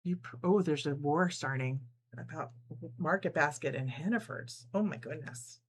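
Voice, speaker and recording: Chatty low-voiced woman hosting a sew-along. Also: moderate pace, husky. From New Jersey. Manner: chatty, reads out viewer comments, laughs often. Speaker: host of a live sew-along. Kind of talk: casual live-stream chat while sewing.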